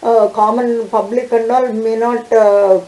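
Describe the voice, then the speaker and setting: A woman teaching an online law class, talking haltingly with many fillers and restarts. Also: a little high, flat delivery, mellow, roomy sound, rough recording.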